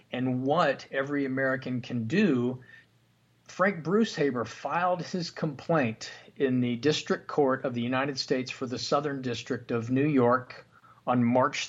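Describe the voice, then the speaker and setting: A man's voice: mid-range voice, fairly bright tone, slightly rough. Man hosting a podcast, lo-fi sound. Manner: reads legal documents aloud and poses questions. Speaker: podcast host. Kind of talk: explanatory podcast talk. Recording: dull lo-fi podcast audio.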